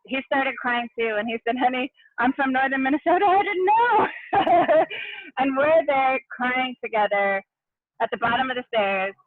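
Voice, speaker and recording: A woman's voice: a little high, dry recording. An earnest middle-aged woman recounts her own story as a guest on a remote call. She talks vividly and restarts her sentences often. Her voice comes through a thin, phone-like line with no room sound at all. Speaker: interview guest, education consultant. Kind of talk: personal storytelling in a conversation. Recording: tinny phone-like line, dry.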